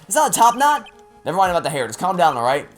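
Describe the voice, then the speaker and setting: A man voicing a perky, excitable young female sidekick in a raised voice. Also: very fast, faint music behind. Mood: excited. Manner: high, bright, excitable.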